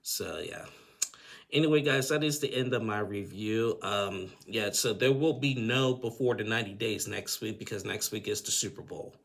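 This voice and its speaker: Casting: chatty male recap vlogger, low gravelly voice. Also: moderate pace. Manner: chatty, acts out the couple's lines in quoted voices. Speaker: YouTube recap host. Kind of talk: casual reality TV recap.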